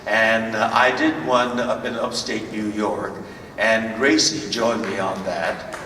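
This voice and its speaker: An older man telling stories as a convention panel guest, halting with many fillers and restarts, recorded from far off in a large hall. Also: fairly low pitch, steady tone, pushed and bright, slight background noise. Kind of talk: anecdotal storytelling. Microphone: far from the recording camera.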